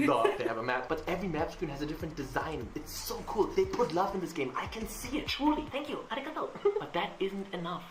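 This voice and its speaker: Guy riffing on fan art, swears a lot, pitch jumps all over, echoey room w music. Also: slight background noise. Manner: animated, profane and jokey. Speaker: YouTube game reviewer. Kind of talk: casual comedic review and fan-art reaction.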